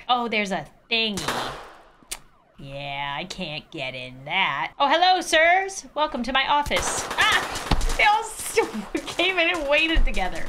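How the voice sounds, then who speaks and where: Excitable high-voiced young woman gamer. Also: background noise. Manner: excitable, yelps and laughs, chats to game characters. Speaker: gaming video creator. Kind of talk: let's play commentary.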